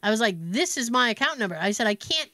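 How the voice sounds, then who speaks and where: A woman's voice: on the high side, lively intonation, quick pace, pushed and bright, no echo. An American woman co-hosting a podcast, telling a story in a casual chat and acting out both sides of a phone call. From United States. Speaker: podcast co-host.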